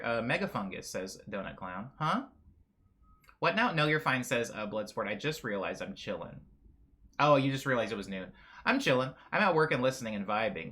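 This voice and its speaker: A man streaming live, chatting casually and reading out his viewers' messages, talkative and prone to correcting himself. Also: mid-range voice. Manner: chatty and animated, with frequent self-corrections.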